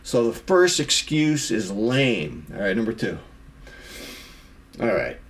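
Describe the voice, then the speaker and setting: A man's voice: fairly low pitch, very animated, slow pace. A middle-aged man vlogging to camera, emphatically scolding himself for his own excuses and calling himself out by name. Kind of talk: self-critical monologue to camera.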